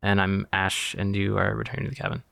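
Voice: low voice, level tone, fast talker, creaky, a bit bright. A podcast host in casual improv comedy chat, hesitant and stammering, laughing often.

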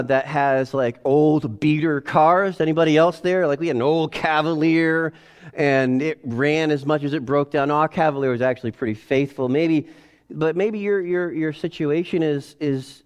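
A man in his forties preaches a sermon in a relaxed, chatty way. His voice sits a little high. He acts out family scenes with lively animation. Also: normal speed, clean tone. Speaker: pastor. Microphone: headset or lapel mic.

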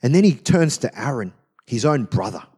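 A man preaching a sermon, reading scripture aloud and retelling it in an expressive, conversational way. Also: mid-range voice, normal speed, husky. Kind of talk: sermon, Bible teaching.

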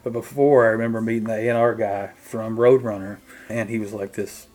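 A man's voice: fairly low pitch, little pitch movement, a little fast, a little mellow. A middle-aged man, a drummer, casually recounting his band days in an interview, mimicking the people he quotes. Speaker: guest musician, drummer.

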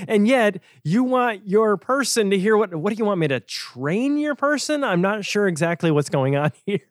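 Man, host, high voice, conversational, sarcastic asides, dry close sound. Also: expressive, normal speed, dry recording. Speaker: podcast host and financial educator. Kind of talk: casual explanatory talk.

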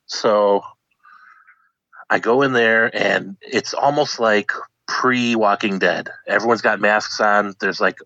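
A man's voice: fairly low pitch, dry recording. A young man telling a funny personal story, acting out the people in it. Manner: animated, acts out voices of people in the story. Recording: dull lo-fi dry recording.

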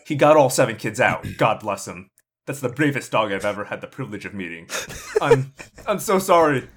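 A man's voice: on the low side, expressive, a little fast, fairly bright tone, a little hiss or hum. A man voicing an earnest police officer choked up with emotion. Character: emotional middle-aged male police officer.

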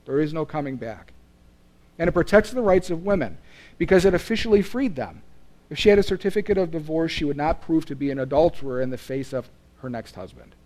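A man preaching a sermon as pastor, earnest and emphatic, pressing his points hard and then dropping low to let them land. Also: fairly quick, darkish tone. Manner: earnest, emphatic preaching with rising and falling intensity.

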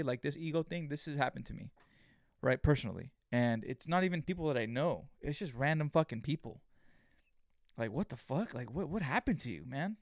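A man talks alone into the mic in a loose, meandering way, peppering his thoughts with swearing, fillers and false starts. His voice is clear and smooth, in a middle pitch. The sound is dry and close, with no room around it. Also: no echo. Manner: rambling, profane, many fillers and restarts. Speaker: podcast host. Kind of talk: casual solo monologue.

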